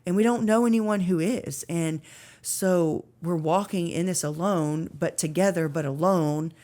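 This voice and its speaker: A woman's voice: lowish voice, measured pace, warm tone. A woman in her thirties telling an earnest, emotional story of faith and struggle as a podcast guest, with many fillers. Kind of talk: personal faith testimony.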